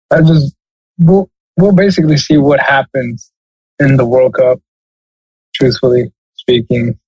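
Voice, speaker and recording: A man co-hosting a sports podcast while sick, his voice nasal, talking haltingly and clearing his throat. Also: medium pitch, dry recording, low-quality recording. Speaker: podcast co-host. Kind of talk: casual sports chat.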